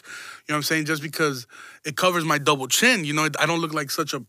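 Young male podcast host, crude rambling self-deprecating comic, bright edgy tone, dry close mic. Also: on the high side, steady tone, quick pace, dry recording. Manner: profane, rambling, self-mocking. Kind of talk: crude comedic podcast monologue.

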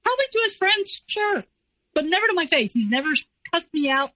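A woman's voice: very high voice, fairly quick, dry recording, poor audio. Woman telling a story animatedly, dry sound. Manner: animated, acts out quoted voices. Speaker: interview guest. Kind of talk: casual personal storytelling.

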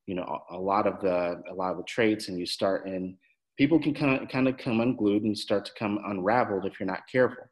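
Soft-spoken male interviewer, lowish voice. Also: a little fast, low-quality recording. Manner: gentle, hesitant, many fillers and restarts. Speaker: host, former therapist. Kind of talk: interview questions.

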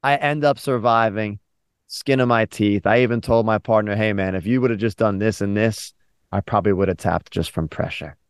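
A man's voice: lowish voice, a little fast, clean tone, no echo. A man co-hosting a casual podcast, laid-back with a dry sense of humor. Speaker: podcast co-host. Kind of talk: casual chat.

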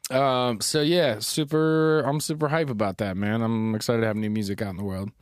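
A young man co-hosting a podcast, slangy and excitable, swearing often in casual chat. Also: medium pitch, moderate pace, no room sound, studio quality. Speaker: podcast co-host.

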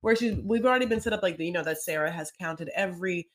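A woman's voice: on the low side, quick pace. A woman co-hosting a podcast, recapping a reality TV episode in casual chat and acting out the people in it. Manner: animated, acts out scenes in voices. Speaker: podcast co-host.

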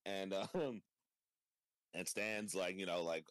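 A young man chatting casually as host, swearing freely, breaking into laughs and rambling. His voice sits low, and the sound is dry and close with no room around it. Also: steady tone, normal speed, fairly bright tone, no echo. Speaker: podcast host. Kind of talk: casual chat reacting to a cartoon episode.

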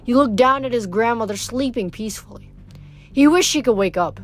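A woman's voice: fairly high pitch, animated, brisk, faint music behind. Woman steadily reading a novel aloud. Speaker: audiobook reader.

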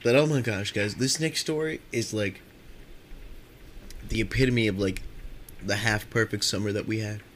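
A young man with a fairly low voice tells loose, rambling stories for his podcast. His talk is profane and full of "like", with a faint hiss behind it. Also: normal speed, long pauses, fairly bright tone. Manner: rambling and profane, heavy use of "like". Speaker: podcast storyteller. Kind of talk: casual storytelling podcast.

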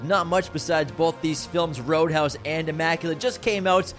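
A man's voice: a little high, normal speed, faint music behind. A man co-hosting a movie review podcast, talking in an amped-up, playful, casual way. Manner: hyped, playful, animated delivery. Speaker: podcast co-host.

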